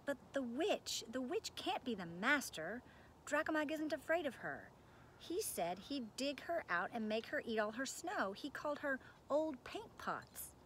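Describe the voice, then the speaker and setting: A woman's voice: sits high, sing-song, fairly bright tone, a little hiss or hum, voice pushed up, heavily acted. A woman reading aloud, voicing a brave, kind young girl in a storybook who talks earnestly and firmly. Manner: earnest, firm, quick to question.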